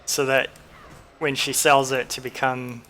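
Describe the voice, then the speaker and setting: A man's voice: medium pitch, little pitch movement, unhurried, bright, forceful tone, slight background noise. A man casually commenting on a game he is playing, rambling and thinking aloud with self-deprecating asides. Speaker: streamer.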